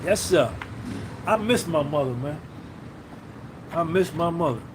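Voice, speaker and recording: A man hosts a loose livestream chat, rambling and cursing freely as he reminisces and answers viewers by name. His voice sits high for a man, and a faint hiss runs underneath. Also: animated, a little slow. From New Jersey. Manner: rambling, profane, reminiscing, reading out chat names. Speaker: podcast host.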